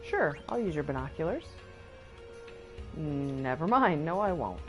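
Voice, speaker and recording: A woman's voice: low voice, very animated, a little slow, soft background music. A woman streamer giving chatty, giggly commentary while playing a video game, talking back to the characters on screen. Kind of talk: casual let's-play commentary.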